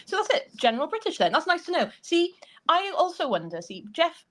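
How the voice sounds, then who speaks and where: A woman's voice: very high voice, very animated, a little fast, fairly bright tone. A woman with a Welsh accent co-hosting a podcast in casual chat, rambling, giggling often and poking fun at herself. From Wales. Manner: giggly, rambling, self-deprecating. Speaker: podcast co-host.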